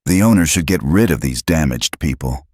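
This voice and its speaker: A man's voice: a bass voice, expressive, moderate pace, darkish tone, breathy edge, dry recording, clean studio sound, heavily acted. A man voicing an arrogant male customer who barks and sneers with contempt. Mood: contemptuous. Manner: sneering, barking.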